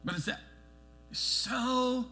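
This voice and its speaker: A middle-aged man preaching a sermon as a pastor, animated, pushing his emphasis upward and acting out the voices he quotes. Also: extremely high pitch, very slow, faint music behind.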